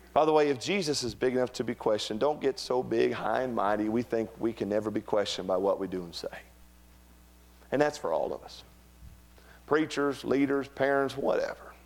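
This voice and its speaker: A middle-aged man preaching a sermon, animated and humorous, with acted-out quotes. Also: fairly low pitch, creaky. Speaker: pastor.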